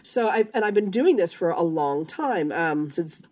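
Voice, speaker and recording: A woman's voice: on the low side, expressive, normal speed, a little mellow. A woman, a fiction author, chatting casually in a conversation, with wry, self-aware asides. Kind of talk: casual chat.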